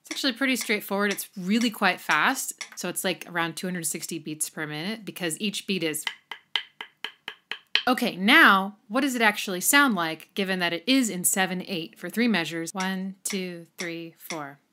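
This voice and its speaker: A woman explaining music theory in a lively way, counting beats aloud and now and then singing short snippets. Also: mid-range voice, moderate pace, noisy background. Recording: music playing behind the voice.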